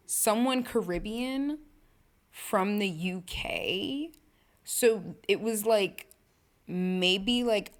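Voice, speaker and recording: A young woman hosting a casual solo podcast, rambling and cutting herself off, with lots of slang and sudden bursts of excitement. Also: medium pitch. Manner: rambling, self-interrupting, slangy and animated. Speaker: podcast host.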